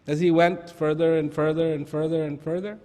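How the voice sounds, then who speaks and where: A man telling a parable to an audience in a slow, deliberate way. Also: fairly high pitch, little pitch movement, dark tone. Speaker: storyteller. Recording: long hall reverb.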